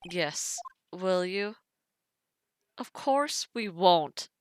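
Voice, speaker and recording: A woman voicing a stiff, reserved male prosecutor from a game, speaking quietly and in clipped lines. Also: on the low side, expressive, extremely slow, slight background noise, voice pushed down. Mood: subdued. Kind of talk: reading game dialogue aloud.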